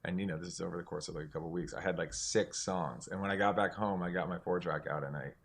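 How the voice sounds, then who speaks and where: A man's voice: low-pitched, steady tone, fast, creaky, a bit bright, slightly rough. A middle-aged man, a singer-songwriter, talking casually in an interview, rambling with lots of restarts and "like" fillers.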